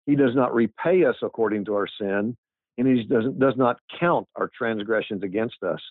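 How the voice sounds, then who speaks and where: A man's voice: medium pitch, normal speed, dry recording. A man speaks as a pastor in an interview, earnest and emphatic, often restarting his sentences. His voice comes through a thin, phone-like line. The sound is very dry, with no room to it. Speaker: pastor and author. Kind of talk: interview answers.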